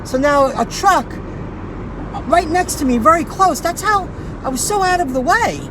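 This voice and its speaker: A woman's voice: very high voice, lively intonation, normal speed, noisy background. A woman who drives for food delivery, telling a rambling story on a casual livestream, repeating herself and restarting sentences.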